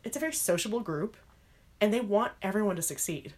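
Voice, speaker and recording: A woman chatting casually as a podcast co-host, with a voice of middling pitch for a woman. She talks in an animated, expressive way, with bright swings of emphasis, and breaks into playful voices when she quotes people. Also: fast. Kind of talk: casual chat.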